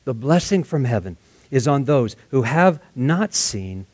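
A man preaching a verse-by-verse sermon in a conversational way, dropping to soft, hushed tones for emphasis. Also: medium pitch, big pitch swings, a little slow. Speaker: pastor. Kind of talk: expository sermon.

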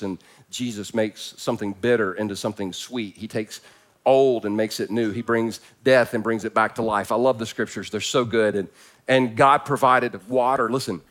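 A pastor with a mid-range voice preaches to his congregation in a conversational, joking style. He swings from loud emphasis down to hushed, quiet lines.

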